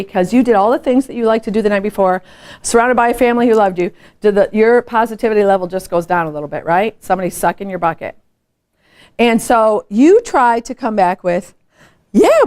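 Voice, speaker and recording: A woman giving a lively motivational workshop talk, telling stories with rhetorical questions. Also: a little high. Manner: animated storytelling, frequent rhetorical questions. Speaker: workshop speaker. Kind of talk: live motivational training talk.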